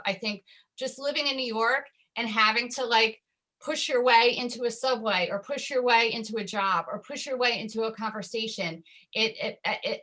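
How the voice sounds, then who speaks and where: A woman's voice: medium pitch, sharp tone, poor audio. A woman filmmaker on a panel discussion, talking from home over a video call, chatty and prone to tangents. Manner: talkative, digressive.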